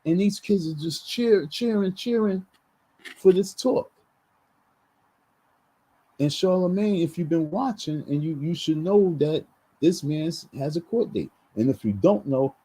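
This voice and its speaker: A man's voice: fairly high pitch, moderate pace, warm tone, breathy edge, low-quality recording. A man venting in a heated, repetitive rant on his vlog, full of restarts and slang. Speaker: vlogger.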